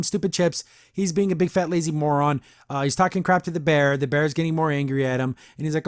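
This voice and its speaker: A man with a fairly high voice talks through a cartoon episode, loose and chatty, acting out the characters' lines as he goes. His sound is dry and close, with no room around it. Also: brisk, no echo. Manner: rambling, animated, with frequent restarts and acted-out quotes. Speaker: podcast host reviewing a cartoon episode. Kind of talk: casual episode review.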